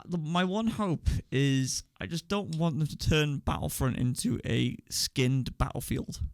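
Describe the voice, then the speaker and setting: A young man co-hosting a casual gaming radio chat, joking and animated. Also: on the high side, unhurried, no echo, clean studio sound. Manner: animated, jokey, bursts into silly voices. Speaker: radio show co-host.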